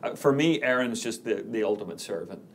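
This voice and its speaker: A man's voice: on the low side, brisk, a little hiss or hum. A man, a pastor, explaining a passage in a podcast talk and playfully acting out dialogue. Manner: animated, acts out dialogue with humor. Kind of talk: podcast discussion among pastors.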